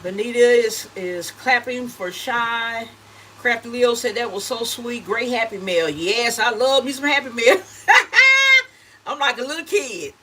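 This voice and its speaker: A woman's voice: on the high side, moderate pace, fairly bright tone, a little hiss or hum, rough recording. A middle-aged woman hosting a casual livestream, reading viewer comments aloud in a chatty, homey way and calling people honey and baby. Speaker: gift basket seller hosting a livestream.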